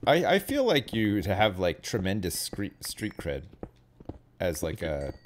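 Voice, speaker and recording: This low-pitched man in his thirties hosts a game stream, chatting casually at an unhurried pace while his pitch swoops wildly. His talk wanders, packed with hedges, fillers and tag questions, and there's slight noise in the background.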